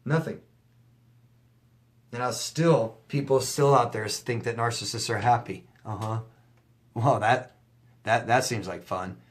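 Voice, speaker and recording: Animated, profane man ranting to camera. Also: mid-range voice, unhurried, long pauses. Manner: animated, profane, rising to near-shouting emphasis. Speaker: coach. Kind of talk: casual monologue to camera.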